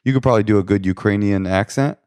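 A man with a fairly low voice co-hosts a comedy advice podcast, joking loosely and dropping into goofy put-on voices. The recording is close and dry, with no room sound. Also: quick pace, darkish tone, no room sound. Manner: jokey, slips into playful silly accents. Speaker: podcast co-host. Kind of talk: casual comedic advice chat.

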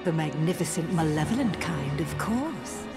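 An actress playing a regal, sneering evil sorceress in a video game cutscene. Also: female voice, low-pitched, animated, moderate pace. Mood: scheming. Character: haughty evil sorceress queen, scheming. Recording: game cutscene with loud music.

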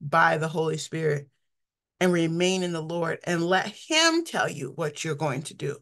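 A woman's voice: low-pitched, lively intonation, a little slow, fairly bright tone. A middle-aged woman giving an informal, conversational sermon, often laughing and acting out the people she quotes. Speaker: preacher.

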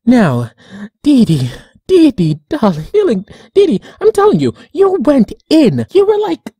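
Vlog host reviewing cartoon songs: dramatic, gushing, sassy ("honey"), very animated pitch, warm and mellow, dry close sound. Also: a little slow, no echo. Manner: swoops high in pitch when excited. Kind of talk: excited casual review vlog.

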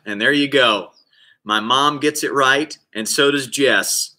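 As a PE coach hosting a live online kids' exercise class, a man counts out reps and cheers children on by name. His voice is medium-pitched, slow, and sharp.

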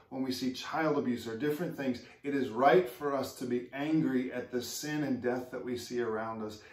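A male pastor delivers an earnest, conversational sermon, often asking his congregation questions. His voice is neither high nor low. It rings through a roomy, echoing space and sounds as if it comes from some way off the microphone. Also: a little mellow. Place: church sanctuary. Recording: echoey room, mic far off.

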